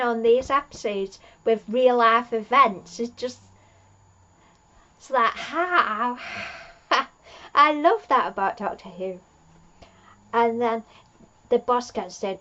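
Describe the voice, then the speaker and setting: Slow-talking chatty woman. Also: on the high side, pushed and bright, highs cut off. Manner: rambling, chatty, laughs at own jokes. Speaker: fan reviewer. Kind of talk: casual episode recap.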